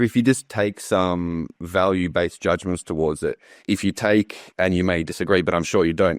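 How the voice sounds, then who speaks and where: Very deep-voiced man making his case. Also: no room sound, clean studio sound. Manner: argumentative, pressing his point with questions. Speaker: discussion participant. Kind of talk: casual online group discussion.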